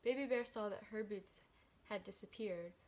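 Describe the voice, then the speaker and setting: A woman reading a picture book aloud in a gentle, steady way, then talking about the story. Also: mid-range voice, moderate pace. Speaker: storybook reader.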